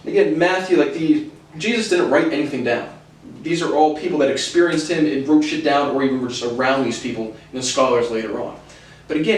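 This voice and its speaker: Man, casual rambling talk, lots of fillers, chuckling, far from mic, very echoey room. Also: medium pitch. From United States. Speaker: lecture series host.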